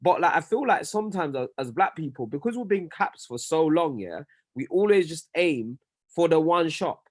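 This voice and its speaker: A man whose London speech carries a Nigerian tinge reflects out loud in a relaxed group conversation. His voice sits a little high, and he is quick to poke fun at himself. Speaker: podcast co-host, business owner. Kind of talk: casual group chat.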